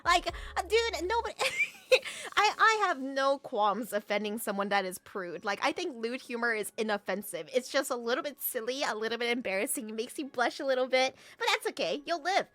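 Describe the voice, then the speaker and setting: A young adult woman streamer chatting casually with viewers, teasing and often breaking into loud laughter. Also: sits high, very animated, moderate pace, no room sound. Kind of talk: casual livestream chat.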